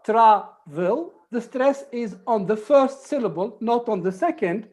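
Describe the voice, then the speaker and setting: A woman's voice: a little high, lively intonation, normal speed, mellow. A woman teaching an online group English lesson, patiently repeating examples and explaining rules step by step.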